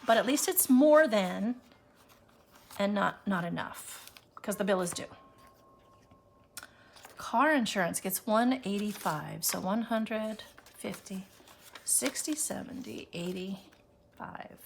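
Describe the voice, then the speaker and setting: A woman counting cash aloud for a budgeting vlog, often quietly, with self-deprecating remarks between counts. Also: mid-range voice, expressive, slow pace, creaky, pauses often, a little hiss or hum. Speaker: budgeting vlogger. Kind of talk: casual cash-stuffing vlog.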